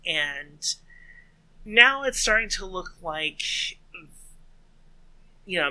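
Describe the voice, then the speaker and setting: Slow-talking bright-voiced male podcast host. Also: high-pitched, lively intonation, rough recording. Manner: laid-back, mocking, laughs often. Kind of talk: casual news commentary chat.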